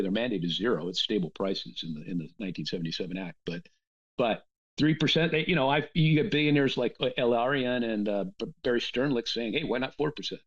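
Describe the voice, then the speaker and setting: A man talking in a casual, animated rant, with lots of restarts and asides. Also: mid-range voice, breathy edge. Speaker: podcast guest. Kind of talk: casual ranting conversation. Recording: dull lo-fi sound.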